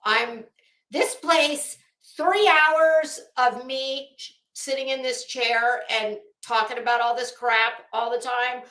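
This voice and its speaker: A woman's voice: high-pitched, fairly even intonation, takes it slowly, bright, forceful tone, roomy sound. A woman hosting a casual livestream, chatting sarcastically and greeting viewers in her chat. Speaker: livestream host.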